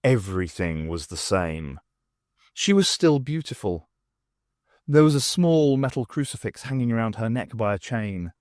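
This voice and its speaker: A man narrating an unabridged audiobook in a measured, dramatic reading. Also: mid-range voice, lively intonation, a little mellow, no room sound, studio quality. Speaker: audiobook reader.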